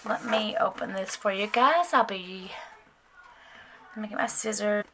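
A woman vlogger casually unboxes nail supplies, gushing and rambling with lots of fillers. Her voice is mid-range and unhurried, and there is noise in the background.

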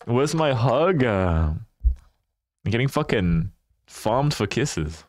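A livestreamer chats casually with his viewers, playful and teasing, laughing often and easily. He speaks unhurriedly with lively rises and falls in pitch, and the recording is dry with no room echo.

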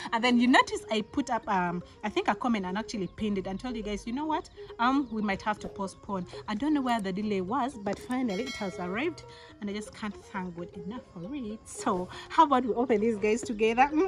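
Woman, young adult, vlogger, excited and emotional, giggly, a bit high-pitched. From Uganda. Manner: emotional, giggly, talks directly to viewers. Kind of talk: excited casual vlog to viewers.

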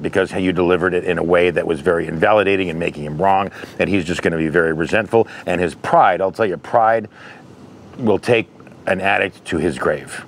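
Deep-voiced man giving frank advice. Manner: candid, conversational, storytelling with anecdotes. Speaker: interventionist. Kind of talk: advice monologue.

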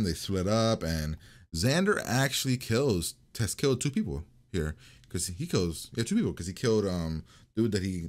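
A young man, host of a reaction channel, recapping a TV episode in an animated, casual way, swearing and laughing as he goes. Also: low-pitched.

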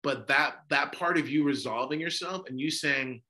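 A man's voice: fairly high pitch, normal speed, bright, forceful tone. A man who is a priest, hosting a podcast discussion and speaking with passion through many rhetorical questions. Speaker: Orthodox priest and podcast host.

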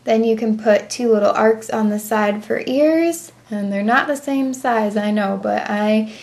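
A woman's voice: a little high, a little slow, gravelly, darkish tone. A young woman talking through a drawing tutorial in a chatty, self-commenting voice-over, pacing her words to her drawing.

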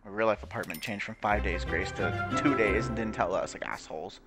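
A man's voice: on the low side, brisk, over loud music. Crude, chatty young man gaming. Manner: crude, swearing, reads game text aloud, laughs often. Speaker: gaming YouTuber. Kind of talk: casual gameplay commentary.

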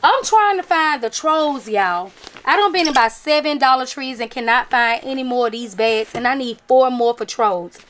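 A woman's voice: high voice, animated, moderate pace, a bit bright. A woman, chatting casually to her viewers about a craft and gift-basket haul, emphatic and talkative. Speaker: vlogger showing a craft haul. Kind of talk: casual chat to camera.

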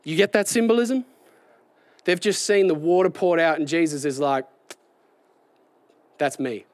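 A man preaching a sermon outdoors, animated and building to a raised, excited delivery. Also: high-pitched, moderate pace, no echo. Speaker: pastor.

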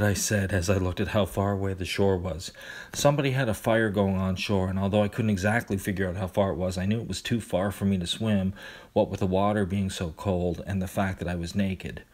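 A man's voice: deep voice, steady tone, a little fast, a little mellow. A man narrating a first-person horror story in a casual, conversational way.

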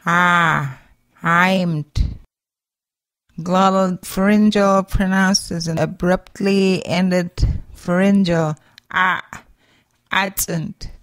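A woman's voice: on the low side, dry recording. A woman demonstrating how letters sound. She says each sound on its own, then gives an example word. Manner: deliberate, spelling out each sound in isolation. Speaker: language teacher giving pronunciation examples. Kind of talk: slow, careful pronunciation guide.

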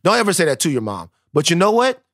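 A male podcast co-host from Louisiana telling stories in casual, profane, animated chat. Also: fairly high pitch, fast talker, no room sound, clean studio sound. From Louisiana, United States.

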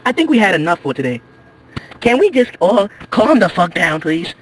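A young man doing a profane improvised comedy voiceover, yelling and laughing often, with a raspy voice. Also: high-pitched, sing-song, normal speed.

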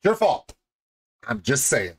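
Enthusiastic man with a lively pitch. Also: slow pace, very noisy. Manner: enthusiastic, rambling, jokey. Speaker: music video reaction host. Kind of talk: casual reaction commentary.

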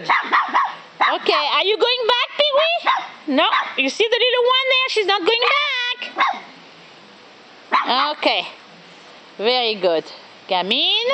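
High-pitched woman talking to her dogs. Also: bright, forceful tone. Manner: laughing, coaxing and scolding dogs. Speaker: dog owner filming her dogs. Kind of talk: casual home video commentary. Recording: noisy home video with dogs barking.

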